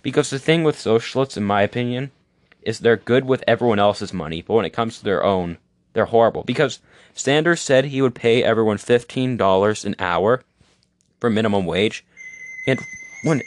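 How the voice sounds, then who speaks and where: A young man holds forth in a casual monologue. His voice sits on the low side and the recording is dry and close. He rambles, full of "like" and restarts, sure of his opinions. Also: normal speed, dry recording. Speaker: podcast host.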